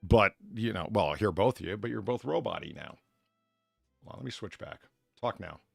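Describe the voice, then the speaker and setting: A male streamer talks off the cuff, swearing and joking at his own expense. His voice is gravelly and jumps around in pitch. The mic is dry and close, with faint music underneath. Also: lively intonation, a little fast, no room sound. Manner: self-mocking, swearing, thinking aloud while fixing tech. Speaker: podcast host and streamer. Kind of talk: casual stream chat.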